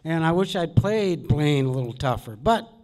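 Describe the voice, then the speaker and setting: Male actor at a Q&A, gentle and reflective, slightly higher pitch. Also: expressive, moderate pace. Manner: soft-spoken, thoughtful. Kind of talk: reflective talk at a Q&A.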